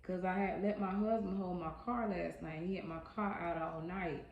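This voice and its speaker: A woman's voice: lowish voice, steady tone, normal speed, lightly acted. A woman voicing an angry, betrayed grown wife who confronts a girl about her husband, raising her voice and sounding indignant and stern. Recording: dull echoey room recording, faint hiss.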